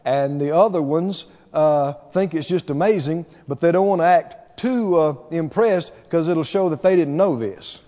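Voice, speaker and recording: A man's voice: on the high side, normal speed, few pauses, dark tone. A man preaching a sermon as a pastor, speaking emphatically, repeating key words and mimicking people with a laugh. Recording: dull reverberant hall recording.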